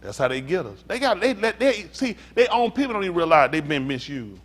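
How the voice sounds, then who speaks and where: A man preaching a sermon as pastor, swinging from hushed talk to shouting. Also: high-pitched, big pitch swings, a little fast.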